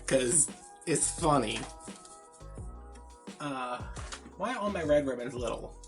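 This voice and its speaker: A man's voice: medium pitch, lively intonation, slow pace, over music. A man, telling a gossipy story in a casual, chatty way while he crafts. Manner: chatty, gossipy, heavy use of filler words. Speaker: crafting vlogger.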